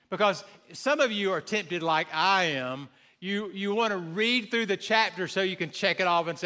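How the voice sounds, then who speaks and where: A man preaching a sermon to his congregation in a church, animated and joking with the listeners, slowing his words down to stress key points. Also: high-pitched. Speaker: pastor. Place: church sanctuary before a congregation.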